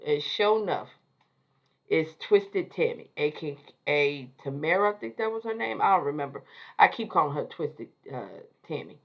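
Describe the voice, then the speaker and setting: A woman's voice: mid-range voice, big pitch swings, normal speed, highs cut off. A woman giving a chatty, sassy, slang-filled casual recap of a TV episode. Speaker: show recapper.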